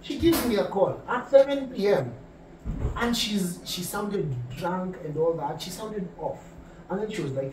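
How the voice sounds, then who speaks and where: A young man with a Kenyan accent telling an animated story in casual podcast chat, slipping between English and Swahili. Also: sits high, a little slow. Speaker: podcast co-host. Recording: echoey room, distant mic, faint noise.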